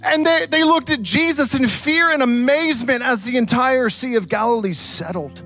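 A man preaching a sermon, telling a story dramatically and swinging from loud to hushed. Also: extremely high pitch, moderate pace, soft background music. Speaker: pastor.

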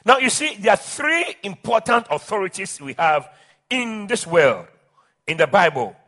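Male pastor, husky timbre, lively swooping delivery, impassioned sermon. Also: high voice, measured pace. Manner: emphatic, impassioned preaching with restarts.

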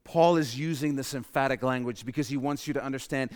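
A man preaching a sermon who swings between loud, emphatic stretches and hushed ones, and calls on the congregation to respond. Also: medium pitch, a little fast, hardly any pauses. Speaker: pastor. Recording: reverberant hall.

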